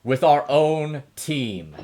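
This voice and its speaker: A man's voice: on the high side, animated, drawn-out words, dark tone, voice pushed up. A man playing a rousing military commander. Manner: rousing, oratorical. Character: commanding male military leader giving a public speech.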